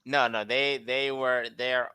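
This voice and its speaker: An American man and English teacher chatting over a video call, telling animated travel stories with frequent laughs. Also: mid-range voice, slow pace, clean tone. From United States. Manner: animated storyteller, laughs often, acts out voices. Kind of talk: casual video-call conversation.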